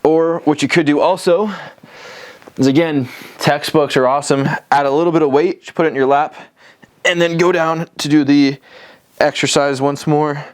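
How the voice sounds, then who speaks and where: A man's voice: fairly high pitch, steady tone, normal speed. A young man giving casual home workout instructions from a cramped bedroom, talking loosely, swearing now and then, and out of breath while he exercises. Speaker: fitness vlogger. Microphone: camera on a tripod.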